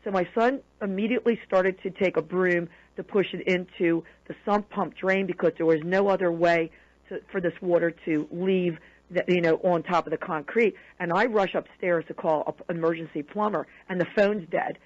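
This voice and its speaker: A woman guest on a radio show, telling a personal story in an animated way and acting out the quoted dialogue. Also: fairly low pitch, normal speed. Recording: dull lo-fi radio broadcast audio.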